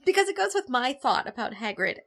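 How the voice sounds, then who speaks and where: Female podcast co-host, casual book chat, upbeat, laughs easily, slightly high voice. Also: sing-song, a little fast. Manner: laughs often, teasing, firm opinions.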